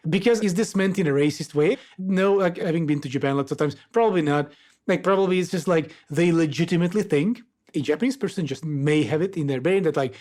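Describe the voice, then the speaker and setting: A man's voice: a little high, brisk, a little mellow. A man from Eastern Europe, a guest on a podcast, chatting casually and animatedly with lots of fillers. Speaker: guest, video creator.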